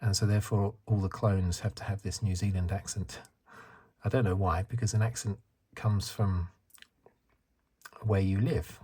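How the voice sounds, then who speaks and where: A man in his fifties from the UK, talking in a soft-spoken ASMR chat, rambling and correcting himself. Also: fairly low pitch, fairly even intonation, normal speed, husky. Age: 50s. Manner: rambling, self-correcting, chuckles. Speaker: ASMR channel host.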